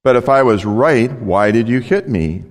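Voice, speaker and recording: A man voicing Jesus as a calm grown teacher, read in a plain steady way. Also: mid-range voice, normal speed, big-room sound, close to an everyday voice.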